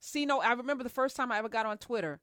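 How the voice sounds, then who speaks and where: A woman's voice: on the high side, lively intonation, racing, fairly bright tone, dry recording, studio quality. A woman hosting a talk show, chatty and teasing, firing questions at her guests. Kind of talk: casual talk-show interview.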